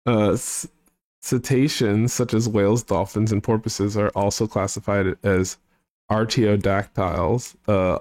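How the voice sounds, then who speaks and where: A man's voice: fairly low pitch, darkish tone, dry recording. A man hosting a casual chat, thinking aloud and correcting himself as he goes.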